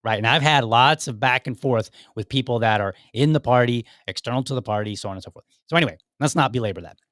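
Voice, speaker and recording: Male podcast host, mid-pitched, rambling solo commentary, dry close sound. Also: quick pace, dry recording. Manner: rambling and animated, with frequent restarts and acted-out quotes. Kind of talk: casual political commentary.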